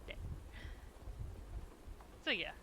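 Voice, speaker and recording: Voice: drawn-out words, bright, forceful tone, a little hiss or hum, low-quality recording. A streamer chatting casually with their audience while drawing emotes, rambling and chuckling often.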